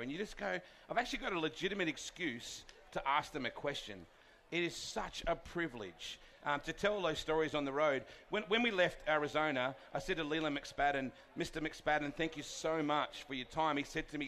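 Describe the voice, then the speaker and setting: Effusive Australian man, bright voice. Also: fairly high pitch. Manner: effusive, emotional, rambling. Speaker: guest. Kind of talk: casual chat on a live stage.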